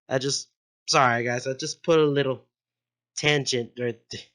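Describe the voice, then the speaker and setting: A young man hosts his own channel, his medium-pitched voice fairly bright in tone. He rambles casually through commentary, giggling often, drifting off on tangents, and correcting himself along the way.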